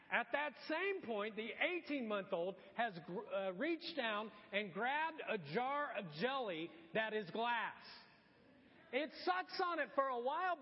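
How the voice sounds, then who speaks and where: A middle-aged man preaching a sermon as pastor, telling stories and acting out voices. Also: very high-pitched. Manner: animated storytelling with acted-out voices. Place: church. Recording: dull sound in a long-reverb church hall.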